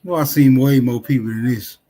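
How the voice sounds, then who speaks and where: A man's voice: medium pitch, a little fast, dark tone. Loose, profane livestream host man. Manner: loose, profane, teasing banter. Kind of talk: casual livestream chat.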